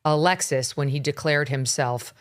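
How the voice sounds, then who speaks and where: A woman hosting a talk show who steps in with measured, factual asides. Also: low-pitched. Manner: measured, adds clarifying facts. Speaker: host.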